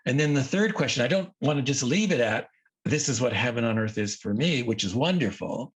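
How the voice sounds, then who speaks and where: A man with a husky, slightly breathy voice speaks as an interview guest. He talks earnestly and reflectively, often repeating words for emphasis, in casual conversation. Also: medium pitch, expressive, brisk. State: emotional. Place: at home, by a lawn near the ocean.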